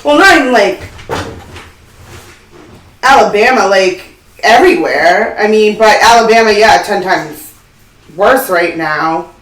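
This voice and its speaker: A woman's voice: medium pitch, expressive, a little slow, pauses often, a bit bright. A woman in casual chat as a podcast guest, talking in a dry, hesitant way. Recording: echoey room, distant mic, audible noise.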